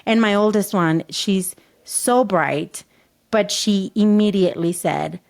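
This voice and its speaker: A woman hosting a podcast interview, chatty and quick to chime in with jokes and agreement. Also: mid-range voice, vocal fry, a little mellow. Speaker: podcast host. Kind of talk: casual interview conversation.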